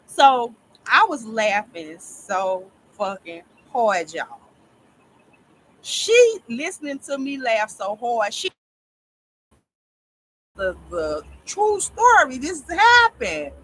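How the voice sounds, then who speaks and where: A woman casually telling a long story to her viewers, rambling and animated, often laughing as she talks. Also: high voice, slight background noise, low-quality recording. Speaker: storyteller vlogger.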